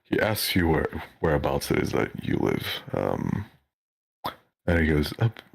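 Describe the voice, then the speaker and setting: A man narrating as game master of a tabletop game, hesitant with many pauses. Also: a bass voice, huge pitch swings, creaky.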